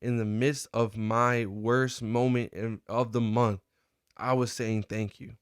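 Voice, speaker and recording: A young man vlogging a personal reflection, talking in a halting, earnest way with many restarts and fillers. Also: medium pitch, little pitch movement, smooth, no echo, clean studio sound.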